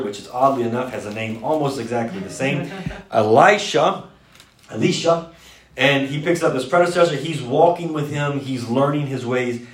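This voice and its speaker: A man preaching a sermon, telling the story fast and with energy, now and then shouting out lines in character. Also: mid-range voice. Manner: energetic, fast-talking storyteller with bursts of loud mimicry. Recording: echoey room.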